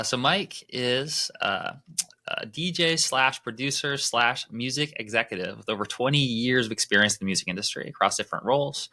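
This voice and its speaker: A man's voice: medium pitch, pushed and bright. An American man hosting a podcast interview, upbeat and jokey, laughing often. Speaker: podcast host. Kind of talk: casual interview chat.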